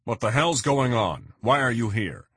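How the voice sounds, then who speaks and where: A man voicing a brash, pushy rich man in an audiobook, loud and demanding. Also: lowish voice, animated, normal speed, breathy edge, dry recording, clean studio sound, voice pushed up. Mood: indignant.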